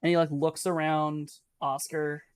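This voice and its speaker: A man's voice: fairly high pitch, flat delivery, a little slow, clear, resonant tone, dry recording. A man running a tabletop game, narrating scenes in a loose, conversational way. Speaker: game master.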